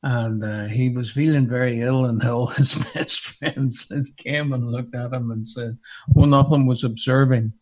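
A man's voice: medium pitch, measured pace. An older man preaching a sermon, telling stories with humor and asking the congregation questions. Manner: animated storytelling with humor and rhetorical questions.

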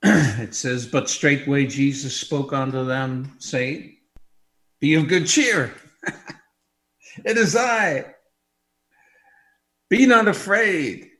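A man delivers a fervent radio sermon in a slightly raised voice, speaking slowly and deliberately. He drops to hushed, earnest pleading and then rises to loud exclamations, pressing each point on his listeners. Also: fairly high pitch. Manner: fervent, swings from hushed to shouting. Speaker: preacher.

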